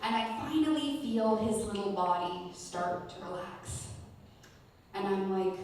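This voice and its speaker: Stand-up comedian, female, deadpan delivery; live hall recording, distant mic, audience noise. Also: medium pitch, a little slow. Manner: deadpan storytelling with filler ums.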